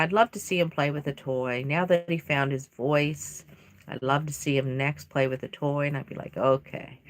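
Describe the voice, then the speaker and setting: A woman chatting casually and emotionally on a livestream from her home craft room while she paints, rambling with many fillers. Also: low voice. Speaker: reborn doll artist livestreaming. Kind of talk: casual live-stream chat while painting.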